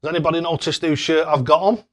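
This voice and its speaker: He talks fast, with a slightly high, fairly even and somewhat bright voice. This older man reads chat and throws darts on a casual live stream, laughing often and fumbling tricky names.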